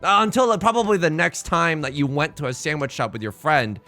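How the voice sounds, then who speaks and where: Male streamer, casual game commentary, rambling jokes, bright sharp tone, faint music behind. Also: fairly high pitch, fairly quick. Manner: jokey, rambling, repeats his own phrases; greets chat by name mid-sentence. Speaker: live streamer.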